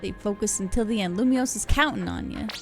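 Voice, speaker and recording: A brash construction crew boss with a put-on Boston-style accent, as a woman reads her lines aloud. Gruff and folksy, she calls everyone kid. Faint game music plays underneath. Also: medium pitch, fairly quick, lightly acted. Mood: bossy, folksy. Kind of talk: reading game dialogue aloud.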